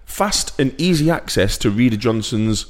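A man hosting a casual football podcast, rambling and laughing his way through a playful mock sales pitch. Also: animated, moderate pace. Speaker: podcast host. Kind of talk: casual chat.

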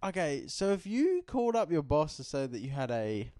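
Brief: young male co-host, smooth laid-back joker, dry close mic. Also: on the high side, very animated, normal speed, dark tone, no echo. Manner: reads out jokes, laid-back and sweary. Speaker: podcast co-host. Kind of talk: casual crude banter.

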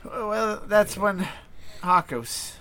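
A woman's voice: medium pitch, expressive, extremely slow, fairly bright tone. A woman playing a tabletop game in character, talking in a hesitant, rambling, stop-start way. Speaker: player.

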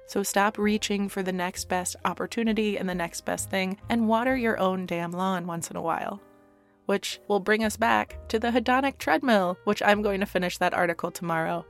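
A young woman hosting a solo podcast, talking earnestly and affectionately to her listeners, with casual swearing. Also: on the low side. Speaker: podcast host.

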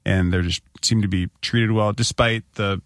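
Low-voiced easygoing male co-host. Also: steady tone, normal speed, dry recording, clean studio sound. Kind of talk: casual chat.

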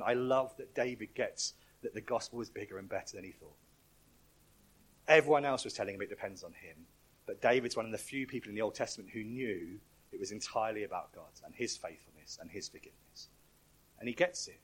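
A man's voice: lowish voice, brisk, husky. A man preaching a sermon in a conversational, storytelling way.

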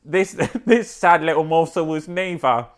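A man's voice: fairly high pitch, unhurried. A man co-hosting a casual chat, reading news stories aloud with amused asides and frequent laughter. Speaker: podcast co-host.

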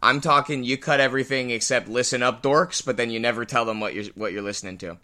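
A man's voice: medium pitch, steady tone, fast talker, bright, forceful tone. A man who is a comedian, a guest on a podcast, chatting in a loose, rambling and playful way. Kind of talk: casual comedy podcast chat.

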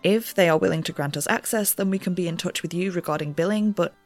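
A woman's voice: lowish voice, quick pace, faint music behind, close to an everyday voice. A woman doing a polite call-center agent. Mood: patient. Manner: calm and formulaic. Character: polite, scripted customer service agent.

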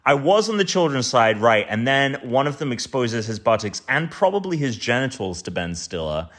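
A man's voice: mid-range voice, very animated, moderate pace, a bit bright. A man hosting a podcast, reading from his notes and giving wry, casual movie commentary with some swearing. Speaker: podcast host. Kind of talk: casual movie review chat.

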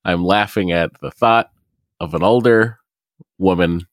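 A man's voice: sits low, a little slow, no room sound, studio quality. A man co-hosting a casual podcast, teasing and joking, laughing at his own jokes. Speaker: podcast co-host. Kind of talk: casual chat.

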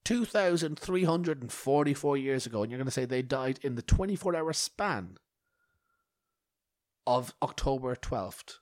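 Speaking at a measured pace in a medium-pitched, expressive voice, a man rambles on his solo podcast. He curses with mock indignation and coughs badly; the studio recording is clean and echo-free.

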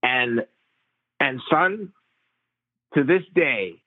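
Male doctor guest, casual and animated with plenty of slang, mid-range voice, recorded over a phone-thin dry line. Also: mid-range voice, very slow, dry recording, narrow, tinny audio. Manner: animated, slangy, tells stories with quoted dialogue. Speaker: physician, interview guest. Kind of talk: casual conversational storytelling.

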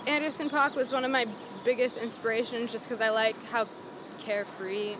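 A young woman, a singer-songwriter, telling her story in a casual interview, full of "like" and "um" and animated retellings. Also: on the high side, moderate pace, noisy background. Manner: rambling, lots of "like" and "um", animated retelling.

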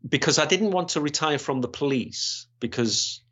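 A man's voice: fairly high pitch, lively intonation, normal speed, fairly bright tone, breathy edge. Older man, rambling recollections. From Gateshead, England. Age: 60s. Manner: rambling, many restarts and fillers. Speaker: retired police inspector. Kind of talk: storytelling interview. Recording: slightly dull, lo-fi sound.

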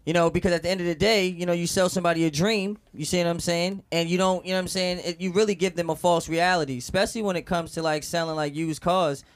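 A man's voice: high voice, fairly even intonation, quick pace, few pauses. A man on a casual podcast, rambling with lots of "you know" and "like", swearing freely. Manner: rambling, heavy filler words, profane. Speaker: podcast co-host.

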